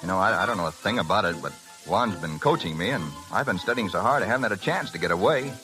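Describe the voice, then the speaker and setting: A man's voice: lowish voice, lively intonation, fast talker, music in the background, lightly acted, rough recording. An actor in a 1930s radio play voicing an eager young man about to travel abroad. He talks in a breezy, slangy, enthusiastic way.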